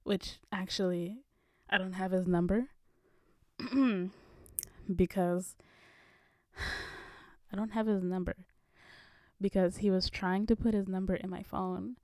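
Slow-talking woman telling a story. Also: medium pitch, dry recording, clean studio sound. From Kenya. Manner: animated, dips into breathy whispers. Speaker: vlogger. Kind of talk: casual storytelling vlog.

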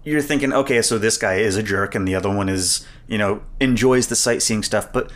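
A man co-hosting a podcast, chatting casually about a movie and getting animated when retelling scenes. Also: fairly low pitch, a little fast. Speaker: podcast co-host. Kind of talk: casual film discussion.

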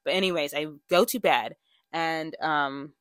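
A woman's voice: low-pitched, measured pace, no room sound. A young woman hosting a podcast, talking candidly in a casual monologue, with lots of fillers and restarts. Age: young adult. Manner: chatty and candid, with frequent fillers and self-corrections. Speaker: podcast host.

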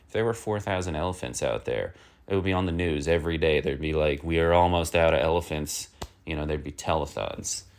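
A man's voice: rumbling low, brisk. A man hosting a one-man comic news show, rambling with lots of fillers and sliding into irritable rants. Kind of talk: casual rambling comic monologue.

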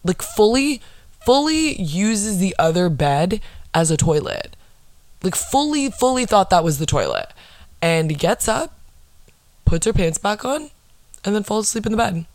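A woman vlogger telling a story in a blunt, profane, excitable way, casually recapping a show. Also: mid-range voice, a little slow, dry recording, clean studio sound.

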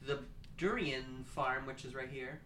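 A man's voice: mid-range voice, measured pace, noisy background. A man co-hosting a casual gaming podcast, answering in a dry, matter-of-fact way. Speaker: podcast co-host.

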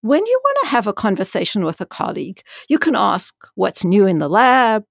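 A woman's voice: mid-range voice, wildly swooping pitch, moderate pace, gravelly, no room sound, clean studio sound. A woman scientist speaking frankly and emphatically in a conversational interview. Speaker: senior scientist.

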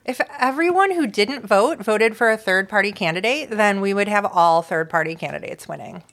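A woman's voice: mid-range voice, animated, normal speed, a bit bright. A woman co-hosting a podcast in easygoing casual chat. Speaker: podcast co-host.

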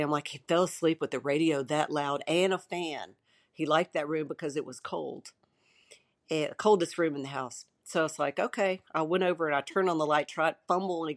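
A middle-aged woman quietly telling her own story in an interview, halting at times and acting out what people said. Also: low-pitched, no echo, clean studio sound. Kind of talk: personal testimony in an interview.

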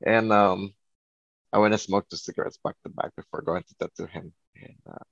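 A man's voice: on the low side, fairly even intonation, moderate pace, gravelly, fairly bright tone, no room sound. A man who works as a tattoo artist, guest on a podcast, telling a long story in a rambling way full of "you know, like". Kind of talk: casual storytelling. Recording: dull lo-fi.

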